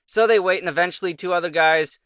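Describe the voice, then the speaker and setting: A man's voice: high voice, fast talker, a bit bright, clear, resonant tone, no room sound. A young man casually commenting on his gameplay, rambling through a fairy tale between moves and muttering to himself. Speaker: let's play commentator.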